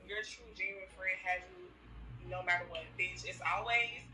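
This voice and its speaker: A young woman talks as a guest friend, rambling loosely in slang and filling her sentences with "like." Her voice is bright and comes from away from the mic in an echoey room. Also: medium pitch, moderate pace, soft background music. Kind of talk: casual chat. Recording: echoey, from a distance.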